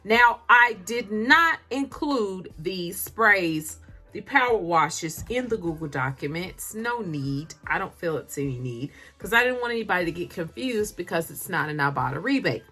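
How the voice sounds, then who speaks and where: A woman's voice: fairly low pitch, lively intonation, moderate pace, pushed and bright, faint music behind. A woman chatting casually through her shopping haul late at night, laughing often and calling her viewers honey and y'all. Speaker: couponing vlogger. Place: home, recording late at night.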